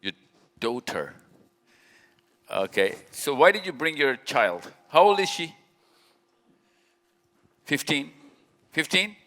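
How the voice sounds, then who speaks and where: A man's voice: on the high side, sing-song, slow, pauses often, bright, forceful tone. A man giving a casual, chatty talk to a live audience from a stage, joking and questioning people in the crowd directly. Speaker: speaker at a live event. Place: large hall with stage lights. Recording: long hall reverb.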